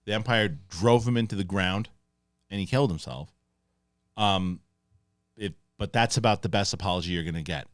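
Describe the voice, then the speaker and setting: A man's voice: deep voice, normal speed, long pauses, no echo, studio quality. A man hosting a casual talk show, acting out scenes with quoted lines as he talks. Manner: animated, acts out scenes in quoted voices. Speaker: podcast host. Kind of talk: casual chat.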